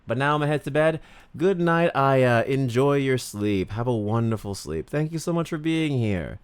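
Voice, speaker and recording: A man's voice: medium pitch, lively intonation, normal speed, clear, resonant tone, no echo. A man live-streaming a game, chatting casually and upbeat with his viewers in slang. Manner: upbeat, slangy, talks to chat. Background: faint game music.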